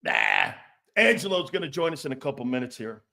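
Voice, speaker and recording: A man's voice: fairly high pitch, lively intonation, fast talker, sharp tone. A man hosting a casual sports talk show, joking, rambling and laughing often between his points.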